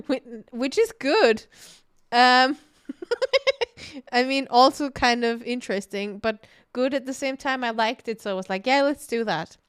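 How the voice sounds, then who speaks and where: A woman's voice: high voice, expressive, slow pace, pauses often, fairly bright tone, smooth, no echo, studio quality. A woman co-hosting a podcast in casual chat, laughing often and swearing casually. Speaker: podcast co-host. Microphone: streaming mic.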